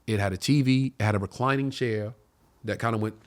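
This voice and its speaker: A man's voice: fairly low pitch, fairly quick. A man telling a long story on a casual talk show, acting out what others said and swearing freely. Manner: animated storyteller, acts out quoted voices, swears freely. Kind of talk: casual storytelling among friends.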